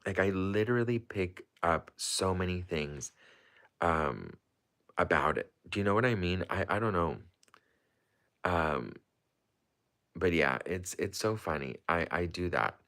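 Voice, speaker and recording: Answering viewers' questions in a casual livestream, a low-voiced man piles up fillers and restarts as he chats and rambles. His deep voice carries a bright, forceful edge, with lively intonation, a measured pace and frequent pauses.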